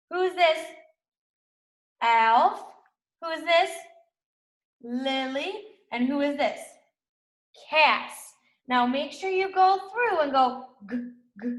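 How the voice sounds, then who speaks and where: Slow, high-voiced teacher in an echoey room. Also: female voice, fairly bright tone. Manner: slow, sounds out letters and words, encouraging. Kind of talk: recorded reading lesson for young children.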